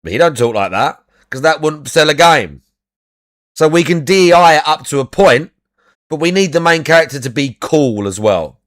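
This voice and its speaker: A man's voice: fairly high pitch, lively intonation, moderate pace, a bit bright, no echo, studio quality. A young adult man chatting casually as a podcast co-host, blunt and sweary, repeating his points. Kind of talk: casual chat.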